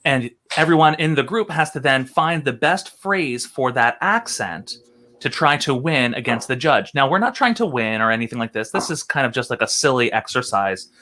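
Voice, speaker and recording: Man, from Philadelphia, co-host, casual chat, rambling and chatty, laughs a lot, bright ringing voice. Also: mid-range voice, lively intonation, moderate pace, slight background noise. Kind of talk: casual chat, explaining a game.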